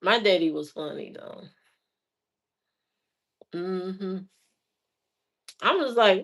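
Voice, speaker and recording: A woman's voice: medium pitch, lively intonation, extremely slow, pauses often, a bit bright. An adult woman telling stories in a casual, chatty way, laughing often as she goes. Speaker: vlogger. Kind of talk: casual storytelling.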